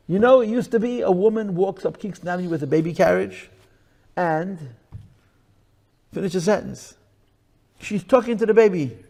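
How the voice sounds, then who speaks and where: A man speaking as a rabbi, lecturing to listeners in a room, emphatic and repetitive, swinging between loud bursts and hushed lines. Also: high-pitched, moderate pace, gravelly, pauses often. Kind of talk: lecture to a live audience.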